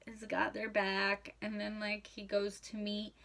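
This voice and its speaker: A woman's voice: mid-range voice, completely flat delivery, measured pace, vocal fry, a bit bright. A young woman, audibly drunk, tells a story in a loose, rambling way. She slurs and swears freely, and she keeps losing her place. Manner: slurring, profane, rambling. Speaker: comedic host retelling a novel. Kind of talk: tipsy casual storytelling.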